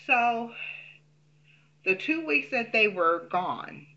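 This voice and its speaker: A woman's voice: a little high, expressive, extremely slow, pushed and bright, muffled recording. A woman telling a personal story in a casual, candid way, with frequent um fillers.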